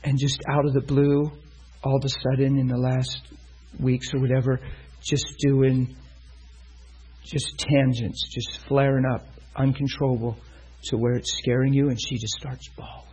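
A man's voice: mid-range voice, little pitch movement, a little slow, dark tone, slightly rough, rough recording. A man preaching a sermon, telling a story and acting out the voices of the people in it. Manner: storytelling, acts out voices in quotes.

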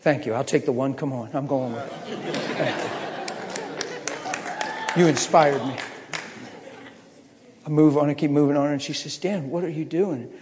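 A middle-aged man preaching a personal testimony, swinging from low muttering to impassioned shouting. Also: fairly even intonation, moderate pace, pauses often, a crowd in the background, noisy background. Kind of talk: sermon testimony storytelling. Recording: echoey hall reverb.

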